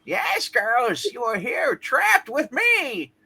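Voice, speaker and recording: A woman's voice: sits high, sing-song, slow, creaky, pushed and bright, husky. A woman hosting a playful group comic reading, announcing in a theatrical, mock-grand way. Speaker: host.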